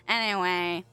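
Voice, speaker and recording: A young woman streamer chatting casually with her viewers, playful and giggly, swearing freely and yelping in a squeaky voice. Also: pushed and bright, clean tone. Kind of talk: casual chat reading viewer messages. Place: home office.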